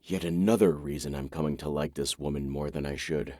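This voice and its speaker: A man's voice: moderate pace, hardly any pauses, no echo, studio quality. A man narrating a romance audiobook in the first person, wry and intimate in manner. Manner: wry, intimate, low-key.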